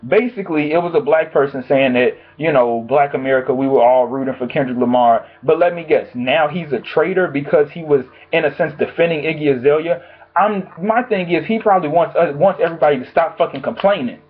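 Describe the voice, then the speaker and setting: A man talks straight to camera from his home, giving blunt, profane opinion commentary with an exasperated edge. His voice sits slightly high and sounds husky. The audio is thin and phone-like. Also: brisk. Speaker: vlogger.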